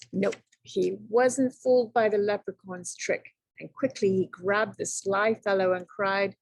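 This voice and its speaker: A woman teacher reads a picture book aloud to her young students, telling it with expressive drama. Her voice is husky with a gravelly fry, and she takes her time. The sound is dry and close. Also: mid-range voice, slow, no room sound.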